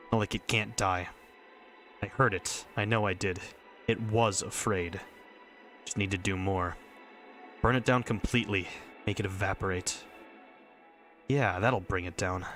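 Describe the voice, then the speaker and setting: A stubborn, furious young girl narrates her racing thoughts, read in a man's low voice. The inner monologue in this visual novel reading is intense and driven. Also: a bit bright.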